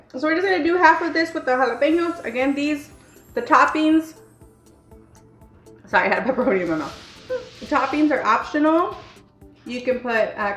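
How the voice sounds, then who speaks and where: This cooking channel host's voice sits high with a fairly bright tone, and her delivery is brisk with lively intonation. She's demonstrating home cooking casually, teasing and chatting and dropping many fillers. Faint music plays in her echoey home kitchen.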